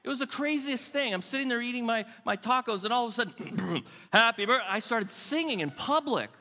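Older man, pastor, sermon; bright, forceful delivery with chatty restarts; big reverberant church hall. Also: very high-pitched, lively intonation. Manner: conversational, restarts words, dips soft and slow for emphasis. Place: church sanctuary.

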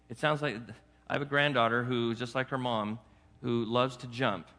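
A middle-aged man preaching a sermon in an animated, conversational way, slipping into quick acted asides. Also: medium pitch. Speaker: pastor. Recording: echoey hall reverb.

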